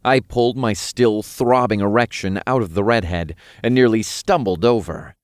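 Low-voiced male story narrator. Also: moderate pace, no room sound, studio quality. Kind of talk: scripted first-person narration.

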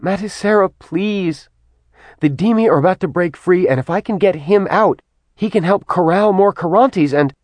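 An urgent young goddess woman presses hard for help, her raised voice pitched well above a man's speech, as a male narrator puts her on. The sound is close and dry, with no room around it. Her tone stays pleading and tense in a storybook reading. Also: lively intonation, a little slow, few pauses, no echo, lightly acted. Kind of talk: audiobook character voice.

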